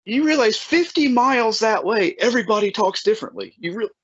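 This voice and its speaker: Animated Appalachian-accented man, lo-fi. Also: sits high, a little fast, slightly rough, dry recording. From Southern Ohio, USA. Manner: animated, stumbling restarts. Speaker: podcast host. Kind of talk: casual chat.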